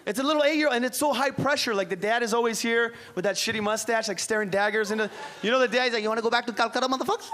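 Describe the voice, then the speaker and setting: A man from Iran doing live stand-up comedy as host, energetic, profane and teasing the crowd. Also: very high voice, fast. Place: comedy club stage. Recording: noisy club with crowd laughter.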